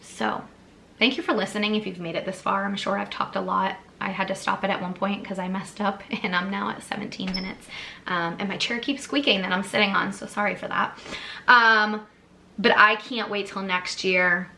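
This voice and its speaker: A woman's voice: medium pitch, fairly even intonation, normal speed, gravelly, sharp tone, a little hiss or hum. A young adult woman vlogger, seated, telling an emotional personal story in a gushing way with many fillers. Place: sitting on a squeaky chair.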